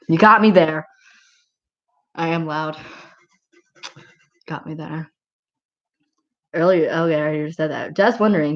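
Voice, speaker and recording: Giggly low-voiced woman livestreaming. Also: moderate pace, long pauses, dull audio. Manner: rambling and giggly, many filler words. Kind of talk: casual livestream chat reading comments.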